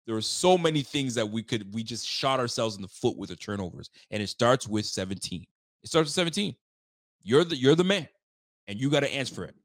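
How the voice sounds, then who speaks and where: A man of medium pitch hosts a sports fan show livestreamed after the game, reacting and reading viewer chats in a casual, heated, slangy way. It's studio quality with no echo.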